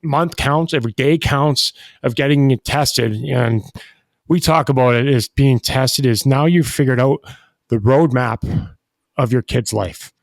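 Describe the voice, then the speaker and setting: A man co-hosting a podcast, with a mid-pitched voice that is close and dry. He talks emphatically, building his points through analogies and tag questions. The delivery is casual and conversational. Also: measured pace, vocal fry, no echo. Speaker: podcast co-host. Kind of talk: casual chat.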